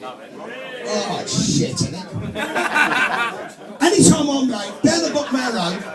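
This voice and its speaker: On a club stage before a live crowd, a stand-up comedian in his forties with an English accent delivers crude, blokey material. He speaks slowly but with animation in a very high-pitched voice, amid the echo, music and crowd sounds of the venue.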